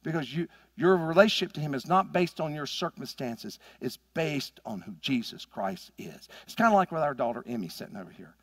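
Emphatic preacher, dry close sound. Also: male voice, a little high, lively intonation, a little fast, few pauses, no echo. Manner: emphatic preaching, rising to loud peaks and dropping to quiet asides. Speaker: pastor. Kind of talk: sermon. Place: church sanctuary.

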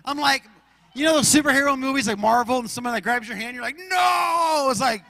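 A male pastor preaching in a large church, emphatic and then chatty as he tells stories. His voice is very high and bright, and it rings with long reverb through the sanctuary. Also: quick pace. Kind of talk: sermon.

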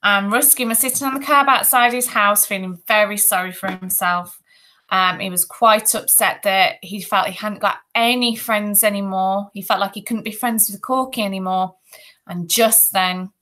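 A woman primary school teacher reading a children's book aloud to her class with slow, clear expression. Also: mid-range voice, bright, forceful tone.

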